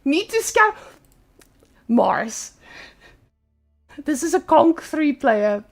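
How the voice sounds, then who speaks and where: A woman talks through a strategy game as she plays it, animated and outspoken, with the odd curse. Her voice sits slightly high and carries a gravelly fry. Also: very slow, soft background music. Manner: animated, blunt and swears freely. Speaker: streamer playing a strategy game. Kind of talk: live gameplay commentary.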